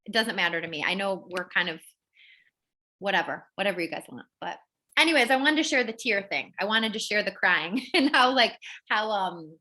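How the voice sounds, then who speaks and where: A woman's voice: mid-range voice, lively intonation, a little fast, sharp tone. A woman hosting a wellness group over a video call, telling a rambling story with many fillers. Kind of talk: casual chat on a video call.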